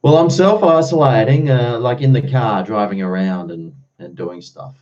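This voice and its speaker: A man's voice: medium pitch, normal speed, darkish tone, muffled recording. An Australian man live-streaming, chatting casually with viewers and answering their comments in a blunt, freely swearing way.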